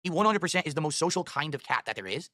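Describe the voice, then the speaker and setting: A man's voice: on the high side, big pitch swings, rapid-fire, a crowd in the background. A man talking on his livestream, defensive and insistent. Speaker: streamer and pet owner.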